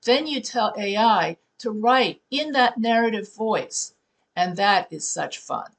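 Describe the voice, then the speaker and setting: A woman's voice: mid-range voice, lively intonation, takes it slowly, gravelly. A woman who teaches writing, talking her students through tips in a conversational way and correcting herself as she goes. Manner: conversational, restarts and self-corrections. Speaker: writing professor. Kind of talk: classroom teaching talk.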